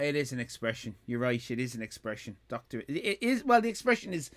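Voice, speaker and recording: A man's voice: mid-range voice, expressive, brisk, bright, forceful tone, dry recording. A man hosting a live stream, riffing in a jokey, crude and rambling way while he reads chat. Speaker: livestream host.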